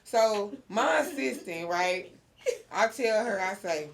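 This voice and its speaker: A woman hosting a podcast, telling a story in casual chat, animated and laughing often. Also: medium pitch, slow, gravelly. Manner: animated storyteller, laughs often, gets loud when excited. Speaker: podcast host.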